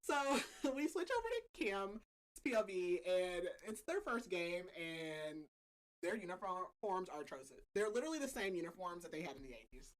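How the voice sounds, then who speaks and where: A woman's voice: on the low side, very animated, moderate pace, poor audio. A young adult woman hosting a podcast, recapping a novel in casual chat, laughing often and leaning on "like" as filler. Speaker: podcast host.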